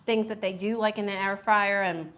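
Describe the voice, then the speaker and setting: A woman's voice: medium pitch, fairly even intonation, moderate pace, a bit bright. A woman hosting a casual live-stream food review, chatty and enthusiastic, reading viewer comments aloud.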